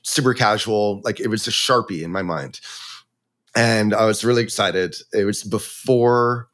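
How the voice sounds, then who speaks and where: A man's voice: fairly low pitch, a little slow. A man casually telling the story of his winery's wine label, acting out the quotes and laughing as he goes. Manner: animated, acts out quotes with laughs.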